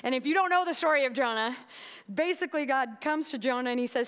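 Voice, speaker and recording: Higher-voiced woman preaching conversationally. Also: fairly quick, fairly bright tone, smooth. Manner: chatty, tags lines with "right?". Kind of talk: conversational sermon.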